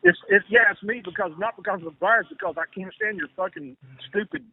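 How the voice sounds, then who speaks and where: A man with a high, gravelly voice rambles on in a profane, repetitive way. His voice comes through a thin, phone-like line with a faint hiss underneath. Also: very animated, quick pace. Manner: rambling, profane, repeats himself. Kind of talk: casual conversation. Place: lives in Texas.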